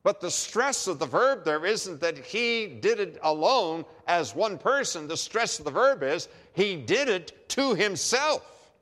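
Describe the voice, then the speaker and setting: A man preaches with a lively, swooping delivery, his voice rising and falling widely from phrase to phrase. He takes his time, leaning on slow, deliberate pacing and repeated phrases for emphasis. A long reverberant tail hangs after his words, as in a large hall. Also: high voice. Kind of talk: sermon.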